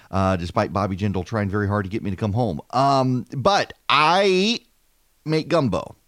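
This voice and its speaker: A man, hosting a talk radio show in an animated, wry way with frequent fillers. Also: lowish voice, dry recording. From Louisiana. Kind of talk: opinionated talk radio monologue.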